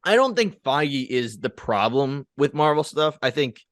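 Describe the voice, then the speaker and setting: A man's voice: mid-range voice, very animated, unhurried, fairly bright tone, no echo, clean studio sound. A man co-hosting a podcast, talking in an emphatic, casual way and swearing freely. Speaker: podcast co-host. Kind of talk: casual chat.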